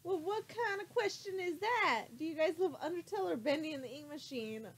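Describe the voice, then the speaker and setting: A woman's voice: very high voice, expressive, brisk, poor audio. A woman co-hosting a casual livestream, reading out chat questions and laughing often.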